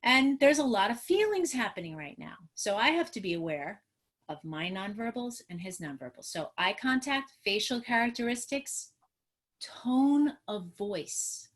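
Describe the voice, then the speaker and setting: A woman's voice: a little high, very animated, normal speed, a bit bright. Middle-aged new york woman on a video call, earnest therapist teaching parents. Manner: earnest, teaching, talks with her hands. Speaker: trauma therapist. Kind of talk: educational webinar talk.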